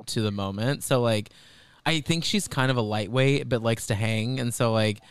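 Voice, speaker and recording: A man co-hosting a casual chat from his apartment, animated and laughing, slipping into impressions. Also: mid-range voice, normal speed, clear, resonant tone, no room sound. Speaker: podcast co-host.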